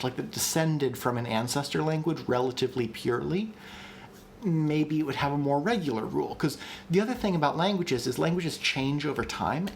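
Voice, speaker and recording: A man teaching on a live stream, answering chat questions and thinking out loud with frequent ums and restarts. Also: mid-range voice, slight background noise. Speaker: streamer teaching language creation. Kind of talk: live-streamed casual lecture.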